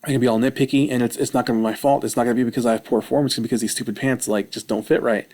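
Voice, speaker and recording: In a vlog, a man rambles through a personal story, retelling it in an animated, self-mocking way. His mid-range voice races along.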